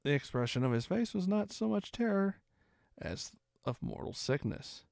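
A man reading a classic adventure novel aloud in expressive first-person narration. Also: high voice, normal speed, vocal fry, no echo, studio quality. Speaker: storyteller.

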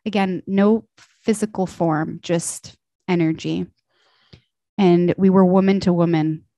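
Young woman, podcast guest; animated storyteller, slightly low voice, dry close sound. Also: unhurried, no echo. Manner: animated, acts out quoted voices. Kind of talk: casual storytelling chat.

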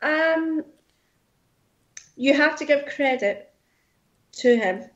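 Woman, co-host, fairly high voice, dull lo-fi sound, short agreeable remarks. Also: expressive, extremely slow. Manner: brief, agreeable, asks questions. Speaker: podcast co-host. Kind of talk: casual chat.

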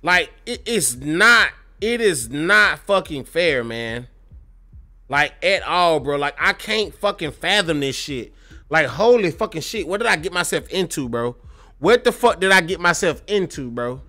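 A man's voice: a little high, expressive, unhurried. A young man streaming a fighting game, cursing, trash-talking enemies and venting frustration to chat, with speech. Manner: profane, trash-talking and frustrated, with loud outbursts. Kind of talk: gameplay livestream commentary.

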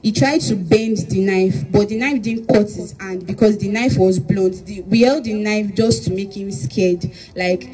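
Young woman, suspect's statement; dark mellow tone, hesitant delivery. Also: mid-range voice, rough recording. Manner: halting, full of "like" and "um". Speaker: crime suspect giving a statement. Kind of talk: recounted testimony.

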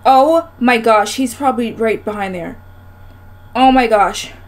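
Jumpy high-voiced young woman gamer. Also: measured pace, slight background noise. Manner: jumpy, exclaims and swears often, nervous giggling. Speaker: gaming video host. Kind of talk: horror game let's play commentary.

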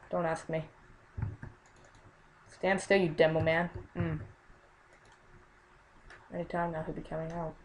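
A woman's voice: on the low side, slight background noise, low-quality recording. A young woman casually commenting on her own gameplay, exclaiming often and muttering under her breath.

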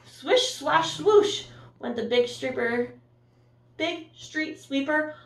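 A woman's voice: high voice, takes it slowly, reverberant, recorded from a distance. A woman teacher reading a picture book aloud to her class in a storytime voice, gasping and asking the children questions. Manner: warm, sing-song, gasps and asks the listeners questions.

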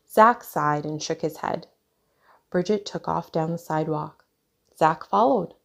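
A woman reading a children's picture book aloud, clear and expressive. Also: low-pitched, measured pace. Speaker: storyteller.

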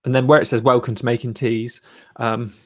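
A man with a voice of ordinary pitch hosts a live channel review. He talks loosely and encouragingly, with plenty of ums and restarts. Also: little pitch movement, a little fast. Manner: rambling, filler-heavy, encouraging. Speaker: YouTube channel coach and host.

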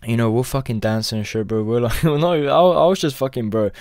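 A young man rambles through a casual storytime, swearing constantly and tacking "bro" onto nearly every line. His pitch sits at an ordinary middle height. The sound is dry and close, with no room around it. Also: fairly quick, a little mellow, no room sound. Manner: rambling, profane, peppered with "bro". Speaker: storytime vlogger.

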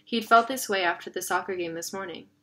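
A woman's voice: mid-range voice, brisk. Woman reading a children's novel aloud. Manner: steady storytelling, occasional stumbles. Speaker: narrator.

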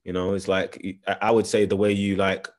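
A man with a London accent talks through his answers in an interview, thinking aloud and circling back with restarts. His voice sits very low. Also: level tone, brisk. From England. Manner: thoughtful, searching for words with restarts. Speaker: actor, interview guest.

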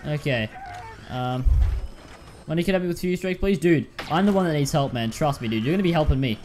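A man's voice: fairly high pitch, lively intonation, fairly quick, darkish tone, slight background noise. A man giving casual commentary while playing a video game, repeating himself and calling listeners dude and man. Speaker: gaming YouTuber.

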